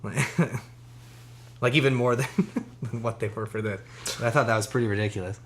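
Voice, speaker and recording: Young male podcast co-host, casual, rambling, swears a lot, mid-pitched voice, laughs through his stories. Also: fairly quick, a little hiss or hum. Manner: rambling, laughs often, swears, lots of fillers. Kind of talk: casual chat.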